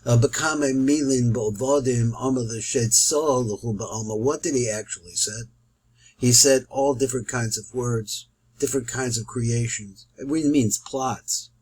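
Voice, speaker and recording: A man's voice: mid-range voice, a little slow, darkish tone, husky, poor audio. A man teaching a recorded Torah study lesson, explaining Hebrew and Aramaic quotations as he goes.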